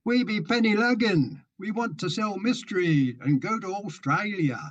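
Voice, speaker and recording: A man's voice: high-pitched, lively intonation, moderate pace, lo-fi sound. A man playing Job, an 1850s Cornish fisherman, in a broad Cornish accent with old-fashioned dialect. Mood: earnest.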